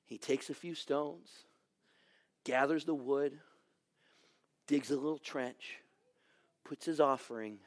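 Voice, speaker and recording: High-voiced man preaching a dramatic sermon. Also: expressive, measured pace, long pauses. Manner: dramatic storytelling, swinging from raised exclamations to hushed near-whispers.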